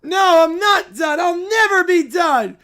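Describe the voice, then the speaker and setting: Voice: very high voice, unhurried, a little mellow. A streamer voicing a whiny toy bear, a football fan who sobs and wails over a loss, in a comedy skit on a live stream. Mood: wailing. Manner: sobbing, wailing complaints.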